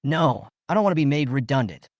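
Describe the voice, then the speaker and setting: A man's voice: mid-range voice, animated, fairly quick, no room sound, clean studio sound, natural voice. Man voicing a pleading young woman reporter.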